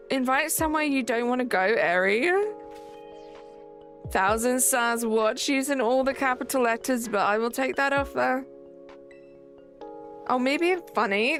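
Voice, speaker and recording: A woman's voice: fairly high pitch, fairly bright tone. A young woman live streaming at home on a desk mic, chatting casually, reading chat aloud and joking back. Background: faint game music.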